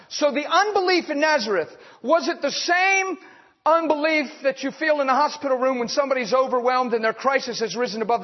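A man preaching a sermon in a folksy, fast-talking way, chuckling and acting out the voices in the stories. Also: very high voice. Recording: muffled, echoing hall.

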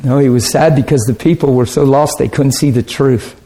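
A man's voice: mid-range voice, steady tone, a little fast, mellow. A man preaching a sermon in an earnest, conversational way, asking his listeners rhetorical questions.

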